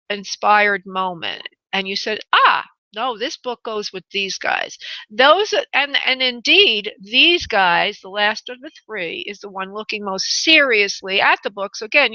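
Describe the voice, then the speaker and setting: A woman from New York with a New York accent, hosting a live call-in radio show as a psychic medium, chatty and pausing to consult spirit. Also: mid-range voice, bright, forceful tone, dry recording, dull audio. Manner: chatty, pauses to consult spirit, laughs easily.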